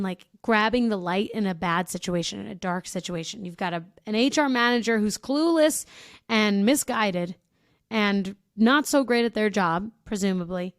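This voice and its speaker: A woman's voice: mid-range voice, smooth, no room sound, studio quality. A woman hosting a podcast, talking frankly and sarcastically in a casual monologue. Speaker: podcast host.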